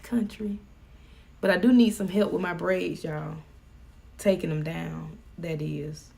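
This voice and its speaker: A woman's voice: fairly low pitch, steady tone, takes it slowly, creaky, mellow. A woman with a Southern US accent chatting casually on a live stream, folksy and joking. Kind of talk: casual chat.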